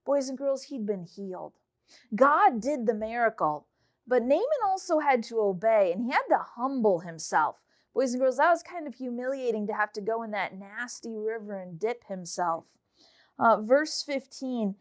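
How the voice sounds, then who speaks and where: A woman teaching a Bible story to children, reading scripture aloud and retelling it in lively, casual words. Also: fairly high pitch, normal speed.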